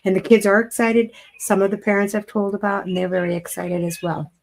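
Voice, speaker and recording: A woman's voice: mid-range voice, level tone, brisk. A woman teacher chatting on a live-stream show, telling a story with a lot of enthusiasm and plenty of fillers. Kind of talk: casual live-stream chat.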